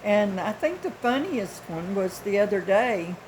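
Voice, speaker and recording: A woman's voice: medium pitch, expressive, unhurried, noisy background. A woman in her sixties from the United States, telling a story in a casual, blunt, folksy way with occasional chuckles. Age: 60s. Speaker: vlogger.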